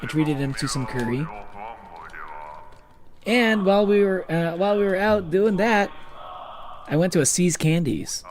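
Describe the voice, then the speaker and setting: A man's voice: high voice, a little slow, pauses often, a crowd in the background. A young man chatting casually with his viewers while streaming a game, rambling with lots of fillers. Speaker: gaming streamer.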